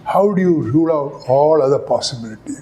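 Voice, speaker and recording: The audio is dull, but the lecturer's fairly high, expressive, mellow voice comes through as he teaches an epidemiology class. He is an older man from India who tells stories at a slow pace, acting out dialogue and asking rhetorical questions.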